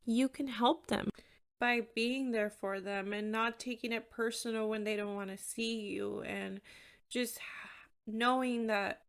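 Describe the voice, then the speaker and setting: A woman's voice: mid-range voice, vocal fry. A woman hosting her own podcast, talking candidly and conversationally on her own with frequent "like" fillers. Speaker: podcast host. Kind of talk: solo podcast talk.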